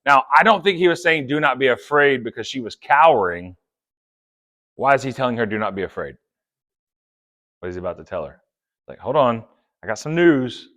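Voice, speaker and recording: A man preaching a sermon, playful and chatty, acting out quick quoted asides. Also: medium pitch, expressive, bright, forceful tone. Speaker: pastor.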